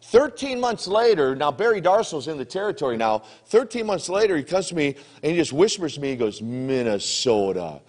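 Animated older man telling wrestling stories. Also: high voice, fairly quick, few pauses. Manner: animated, jokey storyteller, acts out quotes. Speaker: wrestling legend answering fan questions. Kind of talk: convention Q&A storytelling. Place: convention hall.

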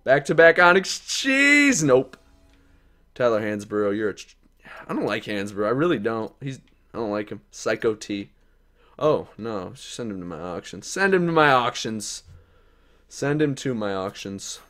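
A young man doing live-stream commentary while opening game card packs, hyped and talking to the player cards, dropping to mutters and then jumping to yells. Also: medium pitch, very animated, a little slow.

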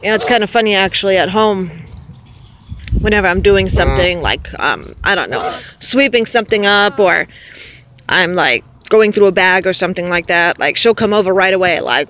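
A woman's voice: on the low side, normal speed, fairly bright tone. A woman talking to her pet goose outdoors on a lawn, in sing-song baby talk with chatty asides to the camera. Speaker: pet owner and video host. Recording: noisy outdoor recording.

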